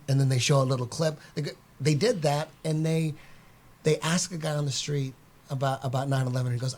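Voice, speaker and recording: A man hosting a casual podcast chat, telling stories in a blunt, animated way with a lot of repetition. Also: mid-range voice, a little fast. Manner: blunt, animated storytelling with repeated phrases. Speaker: host.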